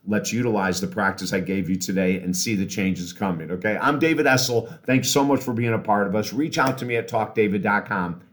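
A man with a lowish voice hosting a motivational podcast. He speaks with upbeat, encouraging energy and drops to slow, soft cues when leading a short breathing meditation. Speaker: podcast host and life coach. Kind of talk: motivational talk with guided meditation.

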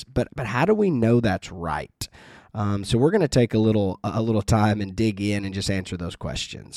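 A man's voice: lowish voice, a little mellow, no echo, studio quality. A man teaching about the Bible in a casual, earnest way, telling a personal story and using many fillers.

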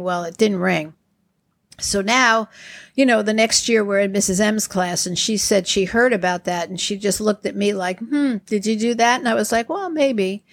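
Her mid-range voice is creaky as this sixty-something Long Island, New York woman hosts her podcast. She chats through lively personal stories in a casual way, acting out what people said.

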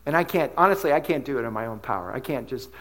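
A man's voice: mid-range voice, fast talker. A man preaching a sermon as pastor, telling stories with acted quotes and asking the congregation questions. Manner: animated storytelling with asides and acted quotes. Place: church.

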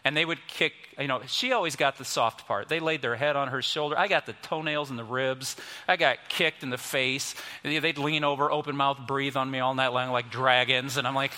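Bright-voiced preacher in his fifties. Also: mid-range voice, steady tone, fairly quick, few pauses. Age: 50s. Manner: storytelling preacher, shifts between soft and emphatic. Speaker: pastor. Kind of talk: sermon. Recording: music under voice, long reverb.

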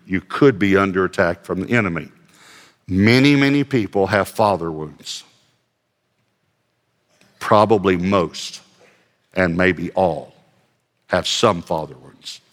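Pastor guy preaching, lowish voice, chatty and joking, reverby hall sound. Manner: conversational, self-deprecating humor, reads scripture aloud. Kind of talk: sermon.

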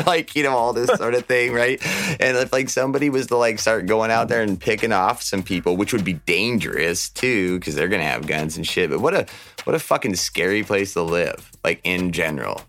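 A man's voice: low-pitched, fairly bright tone. A man hosting a podcast, rambling in a laid-back, profane way full of fillers. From Portland area, Oregon. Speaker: podcast host. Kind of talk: casual podcast chat.

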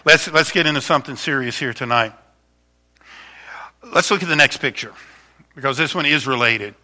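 A man's voice: medium pitch, normal speed. A man in his fifties, a pastor chatting through a slideshow of stories before his sermon. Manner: chatty, warm storytelling with frequent restarts.

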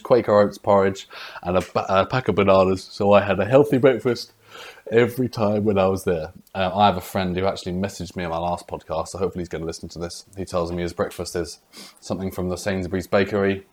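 Deep-voiced, chatty young man. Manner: chatty, swears freely, uses slang. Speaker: podcast host. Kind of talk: casual solo podcast talk.

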